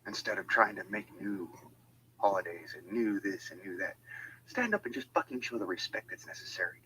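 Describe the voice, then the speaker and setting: Deep-voiced, furious, swearing man. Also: lively intonation, fairly quick, sharp tone, slight background noise, rough recording. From United States. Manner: heated, profane and confrontational. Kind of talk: angry monologue.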